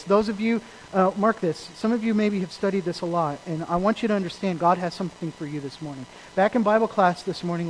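High-voiced emphatic male preacher. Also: slight background noise, rough recording. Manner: emphatic, swings between loud and quiet; asks the congregation questions. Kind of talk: sermon. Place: church service.

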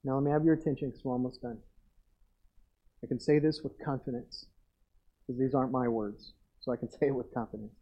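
A man's voice: medium pitch, steady tone, a little fast, pauses often, lo-fi sound. A middle-aged male pastor preaching a sermon in an earnest way, repeating phrases for emphasis.

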